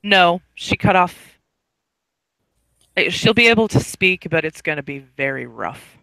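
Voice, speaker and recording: A man runs a grim tabletop game, describing brutal events in an even, matter-of-fact way. His voice is slightly high for a man and recorded dry and close. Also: unhurried, gravelly, no room sound, rough recording. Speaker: game master. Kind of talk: narrating a tabletop horror game.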